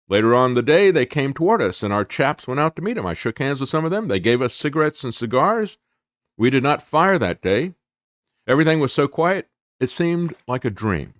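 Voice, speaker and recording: Guy hosting a show, mid-pitch voice, dry close sound, ums and uhs while he tells an old war story. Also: big pitch swings, no echo. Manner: unhurried, with frequent fillers and quoted letters read aloud. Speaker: show host. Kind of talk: casual monologue retelling history.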